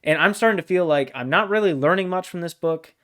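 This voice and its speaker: A man's voice: high-pitched, fast talker, a bit bright. A man co-hosting a casual book discussion podcast, blunt and exasperated, swearing freely as he pushes back. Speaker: podcast co-host.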